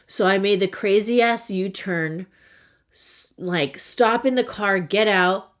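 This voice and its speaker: A woman's voice: medium pitch, slow. A young woman chatting casually while doing her makeup, talking in a loose storytelling way with lots of "like". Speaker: beauty vlogger. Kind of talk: casual get-ready-with-me chat.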